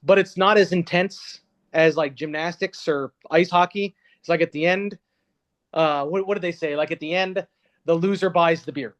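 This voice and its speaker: High-voiced man, rambling guest talk. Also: normal speed. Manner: rambling, with many fillers and restarts. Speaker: guest reporter. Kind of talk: casual interview talk. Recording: dull, lo-fi sound.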